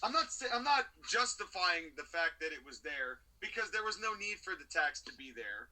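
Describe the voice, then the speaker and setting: A man co-hosting a wrestling review podcast, telling the story of a match in an opinionated, animated way. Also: on the high side, moderate pace, low-quality recording. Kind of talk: casual review chat.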